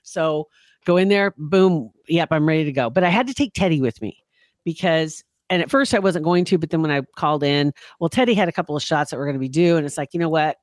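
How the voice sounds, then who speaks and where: A man's voice: on the high side, fast talker, dry recording. A man co-hosting a podcast, telling a story in casual chat and acting out the scenes as he goes. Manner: animated storyteller, acts out screams. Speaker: podcast co-host.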